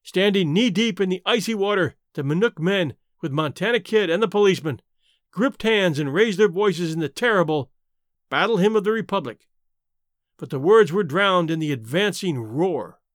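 Expressive male audiobook narrator. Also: sits high, normal speed, dry recording, clean studio sound. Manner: expressive, dramatic reading.

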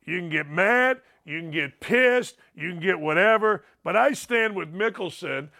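A man in his fifties hosting a sports talk show, ranting in a loud, excitable way. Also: sits high, a little slow. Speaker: podcast host.

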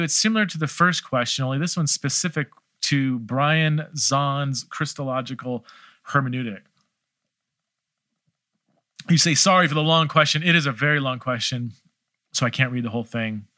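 This middle-aged man hosts a podcast where he takes listener questions on theology in a casual way. His speech is thoughtful but hesitant, full of restarts, delivered in a sharp-toned, mid-range voice with no echo.

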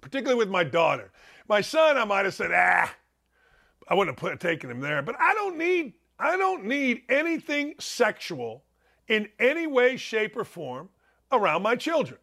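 A man's voice: high voice, big pitch swings, normal speed, vocal fry, bright, forceful tone. An older man hosting a sports talk show, delivering a blunt, combative, ranting monologue.

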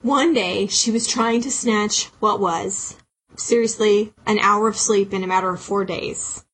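A woman's voice: mid-range voice, fairly even intonation, a little slow, a bit bright, husky, low-quality recording. A woman co-hosting a podcast, telling a story in a casual, emotional way. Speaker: podcast co-host.

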